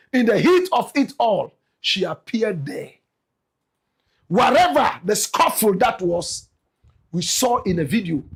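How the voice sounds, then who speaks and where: Ghanaian man, political commentator, high husky voice, swings wide in pitch, emphatic. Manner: emphatic, repeats "my brother, my sister", bursts into shouts.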